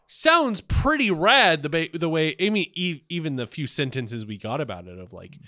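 An eager man chatting as a podcast guest, his pitch jumping all over the place. His voice is bright and high, and he stumbles into restarts when excited. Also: normal speed, dry recording, studio quality. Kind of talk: casual chat.

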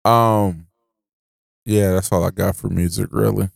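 A man's voice: low voice, steady tone, measured pace, vocal fry, no echo, clean studio sound. A man co-hosting a podcast, chatting casually with profane jokes and stammered restarts. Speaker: podcast co-host. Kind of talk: casual chat.

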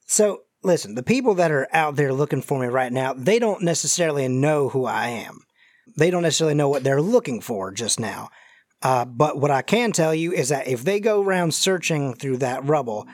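A bleeding drifter hiding from something, talking in a folksy Southern drawl, as a game master puts him on. He wheedles and dodges questions, his voice pitched a touch high. The sound is dry and close. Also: lively intonation, moderate pace, no room sound. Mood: bargaining. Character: wounded secretive man on the run, folksy.

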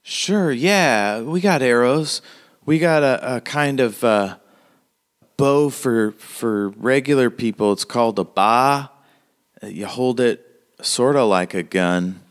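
A man's voice: medium pitch, natural voice. A man voicing a timid, kind young townswoman who stammers and hesitates.

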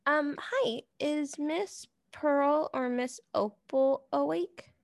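A woman's voice: high-pitched, drawn-out words, vocal fry, voice pushed up, exaggerated voice. A woman voicing a polite, slightly hesitant young girl in a tabletop game.

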